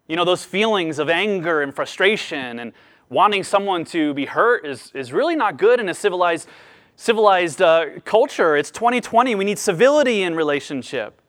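A man preaching a sermon as a pastor, speaking expressively with lively rises and drops. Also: sits high, normal speed.

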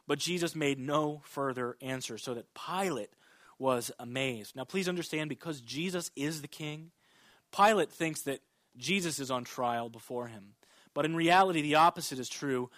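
High-voiced preaching male pastor. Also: normal speed, a bit bright, dry recording. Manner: preaching with emphatic rises and drops. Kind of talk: sermon.

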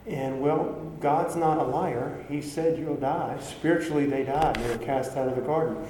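A man in the middle of his pitch range preaches an earnest, conversational sermon. His voice is mellow and warm. It rings with long reverb through a big, echoey room, with faint ambience behind him. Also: steady tone, moderate pace, a little hiss or hum.

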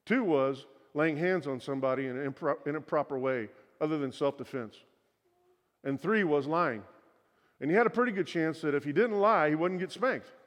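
A man's voice: a little high, normal speed. Earnest preacher man in a reverberant hall. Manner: earnest storytelling, drops to quiet confiding tones. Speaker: pastor. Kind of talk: sermon.

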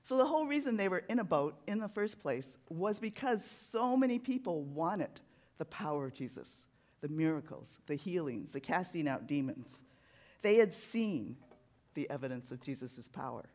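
In a church sanctuary, a preacher tells a story during his sermon in a conversational, animated manner, using a medium-pitched voice at a normal pace.

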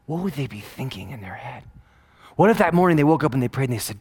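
Middle-aged guy pastor preaching super casual, rambly and animated, keeps going "right?", gets loud then real quiet. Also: mid-range voice, quick pace, husky. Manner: animated and rambling, often tags "right?", swings from loud emphasis to hushed asides. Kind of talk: casual conversational sermon.

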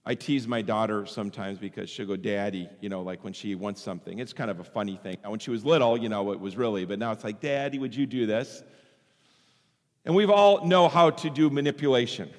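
A man preaching a sermon in an animated way, sometimes acting out the voices of the people he quotes. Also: fairly low pitch, fast talker, few pauses. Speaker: pastor. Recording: long hall reverb.

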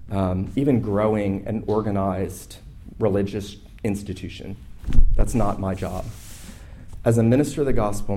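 A man pastor preaching a sermon, speaking in rhythmic repeated lists and building from quiet to loud, emphatic passages. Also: on the low side, a little hiss or hum.

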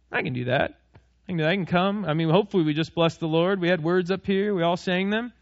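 A man's voice: fairly high pitch, lively intonation, fast talker, no echo, muffled recording. A man in his thirties, a pastor, preaching a sermon in a conversational way, asking the congregation questions and joking with them.

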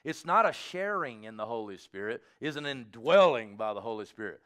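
A man pastor preaching a sermon in a church, swinging from quiet asides to shouted exhortation. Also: medium pitch, animated, fairly quick, clear, resonant tone. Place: church sanctuary.

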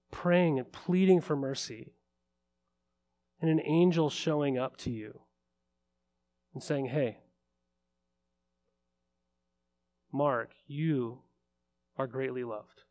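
A male pastor delivering a sermon in a slightly higher voice than most men. He speaks earnestly and presses his points with growing fervor. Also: a little mellow. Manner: earnest, rising to fervent emphasis.

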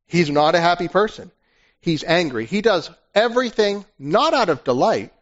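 A male pastor preaching a sermon in a conversational, animated storytelling manner. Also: fairly high pitch, moderate pace. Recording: dull lo-fi recording.

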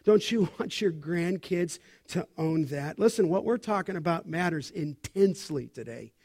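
A man's voice: fairly high pitch, animated, moderate pace, darkish tone. A middle-aged male pastor preaching an expository sermon, stressing key words and asking the congregation questions.

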